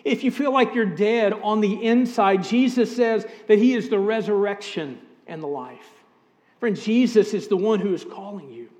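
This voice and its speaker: A middle-aged pastor delivers an earnest sermon, speaking directly to his congregation. His voice sits high for a man, and it rings out with a long reverb through the church sanctuary. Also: moderate pace, darkish tone. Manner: earnest, direct address to congregation with scripture readings.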